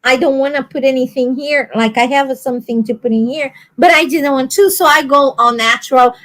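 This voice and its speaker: Lady, high voice, chatty, acts out little convos and laughs a lot. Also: a little fast. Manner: animated storytelling, laughs often, acts out quoted dialogue. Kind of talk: casual chat.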